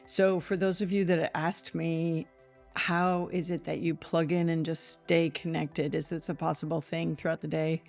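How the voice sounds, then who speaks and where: Lower-voiced woman host, teary and giggly, casual spiritual chat over faint music. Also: flat delivery, normal speed, gravelly. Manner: emotional, laughs often, warm and chatty. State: close to tears. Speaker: podcast host. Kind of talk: casual spiritual podcast talk. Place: small office studio, seated at a desk.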